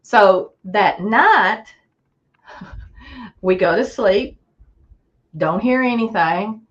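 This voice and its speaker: A woman's voice: medium pitch, animated, very slow, lo-fi sound. A woman guest on a podcast, telling a story in casual chat and acting out the people she quotes.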